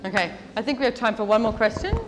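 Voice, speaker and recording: A woman speaking as the featured speaker at a live seminar, answering audience questions in a chatty, lively way full of "like"s. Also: on the high side, fast. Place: large event hall with an audience. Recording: long reverb of a large hall.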